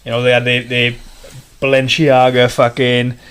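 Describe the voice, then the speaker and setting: A man's voice: mid-range voice, monotone, moderate pace, a bit bright, clean tone. A young Welsh man, podcast co-host, telling a story in casual chat and swearing freely. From Wales. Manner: swears freely, acts out voices in anecdotes.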